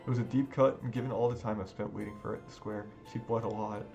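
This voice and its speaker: Gravelly man reading a story aloud. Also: fairly low pitch, steady tone, quick pace, a little mellow. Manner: dramatic, emotional first-person reading. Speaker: gaming video creator. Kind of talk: reading a visual novel aloud. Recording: music playing underneath.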